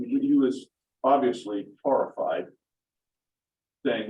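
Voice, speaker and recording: A man's voice: medium pitch, fairly even intonation, moderate pace, narrow, tinny audio, slight background noise. Indignant man speaking from across a meeting room. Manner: emphatic, indignant, repeats points for stress. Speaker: resident speaking at a town board meeting. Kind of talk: public comment at a meeting. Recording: roomy distant meeting-room audio.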